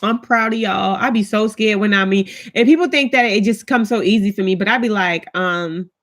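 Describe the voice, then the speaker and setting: A woman in her thirties chatting casually with her viewers as a vlogger, telling stories in an animated, colloquial way. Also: medium pitch, normal speed. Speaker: vlogger host.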